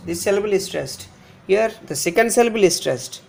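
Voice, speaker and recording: A middle-aged man with an Indian English accent teaching a pronunciation lesson, repeating words slowly with exaggerated stress. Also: high voice, vocal fry. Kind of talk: slide-based pronunciation lesson.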